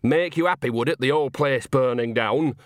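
A man's voice: medium pitch, moderate pace, dry recording, studio quality, close to an everyday voice. A man voicing a cheerful, fierce old woman who is a witch, with a brash, combative manner. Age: older.

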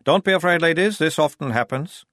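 A man's voice: on the high side, brisk, fairly bright tone, no room sound, studio quality, pitched above the performer's own voice, lightly acted. A man voicing an officious male corporal.

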